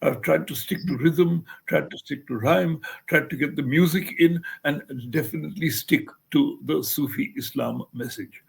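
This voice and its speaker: Older man with a gravelly voice. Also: a little high, moderate pace, hardly any pauses. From India. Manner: anecdotal, acts out quoted dialogue. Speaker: guest writer. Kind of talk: interview storytelling.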